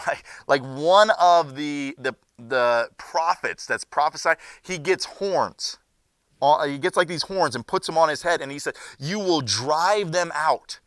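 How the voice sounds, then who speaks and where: Young guy teaching bible class, bright voice, acts out the characters, dry close sound. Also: a little high, a little slow, no room sound. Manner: animated storytelling, acting out the characters' lines.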